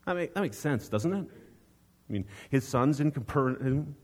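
A man's voice: a little high, lively intonation, measured pace. A man preaching a sermon in a conversational way, posing rhetorical questions to his listeners. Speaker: pastor.

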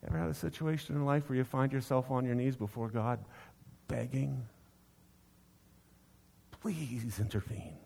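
Male pastor, conversational sermon delivery, rhetorical questions, mid-pitched. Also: flat delivery, fairly quick, vocal fry, mellow.

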